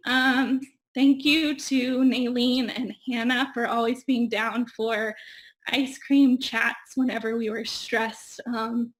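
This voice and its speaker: A woman's voice: fairly high pitch, flat delivery, takes it slowly. A young woman giving a heartfelt thank-you speech on a video call, full of ums and getting teary. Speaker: graduating audiology student.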